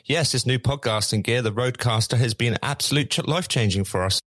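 A man's voice: medium pitch, brisk, a bit bright, no echo, clean studio sound, natural voice. A man with a posh English accent, co-hosting a podcast with joking banter. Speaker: co-host. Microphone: podcast studio mic.

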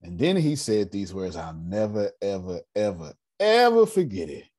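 A husky-voiced man addresses a group, talking bluntly and joking as he teaches. His low voice swings widely in pitch while he tells his story, and he hammers his points home by repeating them. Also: very animated, normal speed, darkish tone. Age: 30s. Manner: emphatic, repeats key phrases, blunt and joking. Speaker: meeting leader teaching personal finance. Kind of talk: animated storytelling talk to a group.

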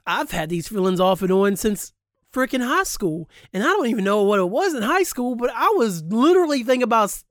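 A man's voice: sits high, no room sound, studio quality. A man hosting a podcast, talking candidly and emphatically in a personal monologue, swearing freely. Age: adult, grew up past high school. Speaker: podcast host.

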